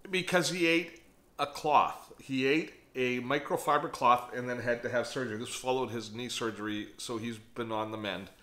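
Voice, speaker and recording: A man talking casually to the camera as a tech vlogger, chatty and animated, often thinking aloud with fillers. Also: medium pitch, moderate pace. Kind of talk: casual vlog commentary. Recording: echoey room.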